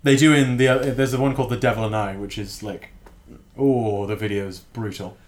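A man's voice: fairly low pitch, fairly even intonation, fairly quick. A man co-hosting a podcast in casual chat, teasing and joking with his friend. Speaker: podcast co-host.

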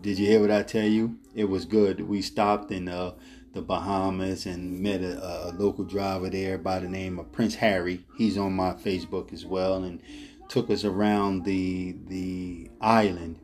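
Middle-aged male vlogger, slow rambling storyteller, faint music bed. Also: deep voice, level tone. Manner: rambling, repeats words, chuckles as he tells; addresses viewers directly as ladies and gentlemen. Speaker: travel vlogger. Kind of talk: casual storytelling.

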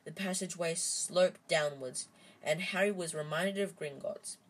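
A woman's voice: lowish voice, a little slow, breathy edge, poor audio. A woman reading a storybook aloud in an unpolished way, stumbling and restarting often. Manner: unpolished, frequent restarts and ums.

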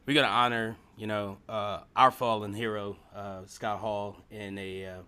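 A man hosting a casual talk show, relaxed and conversational with plenty of fillers. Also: on the low side, normal speed, clear, resonant tone. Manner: relaxed, conversational, lots of you know. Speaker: host.

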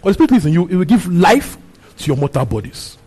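A man's voice: sits high, big pitch swings, quick pace, mellow, a little hiss or hum, rough recording. A man preaching a sermon, repeating his phrases and asking the congregation questions. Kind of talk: sermon teaching on a Bible passage.

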